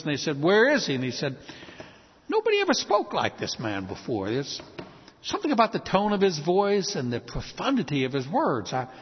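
A man preaching a sermon as pastor, lively, often acting out the voices of the people he quotes. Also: sits high, in a large hall, lo-fi sound.

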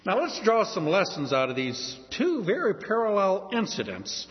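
Animated man teaching a Bible lesson. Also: sits high, normal speed. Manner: animated, folksy retelling. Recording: dull reverberant hall recording.

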